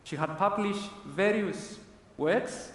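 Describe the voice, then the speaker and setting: High-voiced man introducing a speaker. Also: takes it slowly. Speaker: conference host. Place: large conference hall. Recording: distant, echoey hall pickup.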